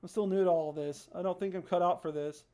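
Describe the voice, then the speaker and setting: A streamer reading aloud the lines of a troubled young man from a story game in a plain, flat voice. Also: medium pitch, quick pace, pitched below the performer's own voice, lightly acted. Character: troubled young man stuck in a time loop.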